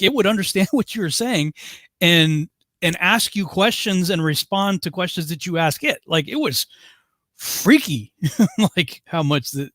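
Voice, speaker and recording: A man's voice: a little high, a bit bright, no echo, studio quality. A middle-aged man hosting an online Bible study, telling stories animatedly and laughing often over a video call. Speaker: host.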